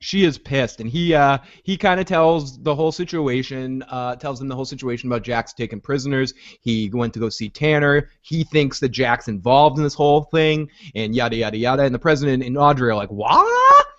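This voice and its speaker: A man hosting a casual TV recap chat, rambling and profane, dropping into quick impressions of characters. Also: mid-range voice, lo-fi sound. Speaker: podcast host.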